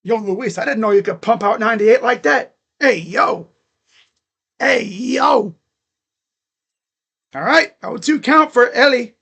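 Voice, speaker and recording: A man calling a ball game live as a fan from his room at home, excitable, chatting to viewers and shouting at the players. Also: extremely high pitch, a little fast, creaky, few pauses. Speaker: fan streamer calling play-by-play. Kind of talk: live fan reaction and play-by-play. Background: dogs barking.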